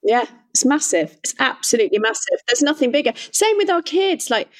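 A woman's voice: high-pitched, big pitch swings, a little fast. A woman, a podcast host and coach talking in a reflective, emphatic way. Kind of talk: conversational interview.

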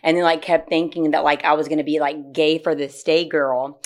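A woman co-hosting a casual podcast with a low-pitched voice. She talks brashly, swears freely and laughs often as she trades stories. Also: level tone, moderate pace. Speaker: podcast co-host. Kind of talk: casual chat.

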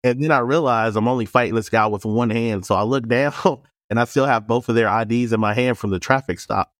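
A former police officer telling a story in a casual, frank way, acting out the other people's lines in quoted voices. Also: male voice, medium pitch, fairly quick, no room sound, clean studio sound. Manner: animated, acts out dialogue in quoted voices.

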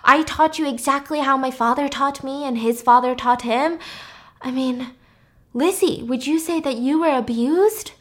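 A woman's voice: sits high, moderate pace, fairly bright tone, voice pushed up. A woman voicing a smug, menacing male mentor. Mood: smug menace.

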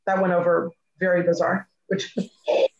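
A middle-aged woman speaking as a guest, telling a personal story in an animated way and acting out her own side of past conversations. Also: lowish voice, normal speed. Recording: echoey, slightly muffled recording.

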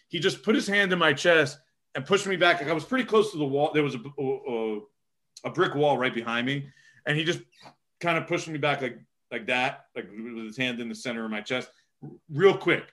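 A man's voice: fairly high pitch, sharp tone. A man, a sports reporter, telling a story casually and rambling with lots of filler words.

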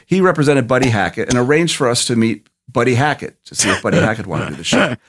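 A man, a TV producer, telling a detailed story as a podcast guest in an even way. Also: mid-range voice, quick pace.

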